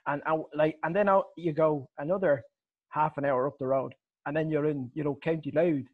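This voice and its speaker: A man's voice: fairly high pitch, steady tone, moderate pace, narrow, tinny audio. An Irish man, a guest impressionist, chatting casually and explaining things matter-of-factly. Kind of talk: casual chat.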